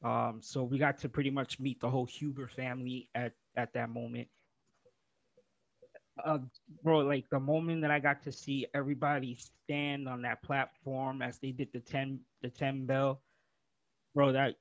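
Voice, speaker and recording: A man's voice: mid-range voice, a bit bright, no room sound. Rambling "bro"-saying podcast man. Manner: rambling, says "bro" often, retells his reactions. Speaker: podcast co-host. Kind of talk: casual wrestling podcast chat.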